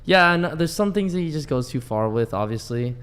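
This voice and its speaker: A man's voice: on the high side, lively intonation, fairly quick, fairly bright tone, smooth. A man on a dating talk panel, giving his opinion in a rambling way with lots of "like.". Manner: rambling, filler-heavy, full of "like". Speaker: panel guest. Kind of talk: casual opinion chat.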